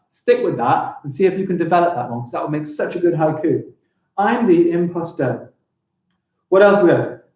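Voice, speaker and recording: A cheerful primary school teacher, a man with a slightly high voice, leads a lesson on a live stream. He encourages the class warmly and drags out lines slowly to count them. The classroom around him sounds echoey. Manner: enthusiastic, encouraging, reads lines slowly aloud.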